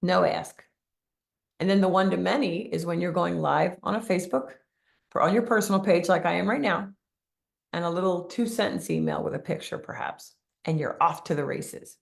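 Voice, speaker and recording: A woman's voice: fairly low pitch, normal speed, gravelly. A woman running a live-streamed motivational coaching session for real estate agents, who talks emphatically, repeats key phrases and keeps asking viewers to answer in the comments.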